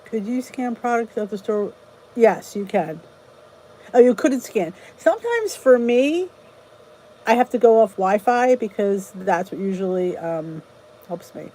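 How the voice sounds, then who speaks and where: A woman's voice: mid-range voice, expressive, measured pace, dark tone, poor audio. A woman hosting a casual livestream chat, greeting viewers by name and answering their comments in a rambling, chatty way. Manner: rambling with frequent restarts. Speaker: channel host.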